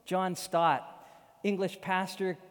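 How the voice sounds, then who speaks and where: High-voiced pastor preaching in a hall. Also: male voice, little pitch movement, slow pace, smooth. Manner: emphatic, rhythmic preaching with repeated phrases. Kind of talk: sermon. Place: church sanctuary. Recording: long hall reverb.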